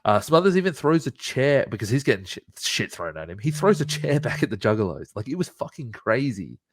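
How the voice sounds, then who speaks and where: A man co-hosting a podcast, retelling a wrestling show in excited, profane casual chat. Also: mid-range voice, fairly quick, husky, no echo, studio quality. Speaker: podcast co-host.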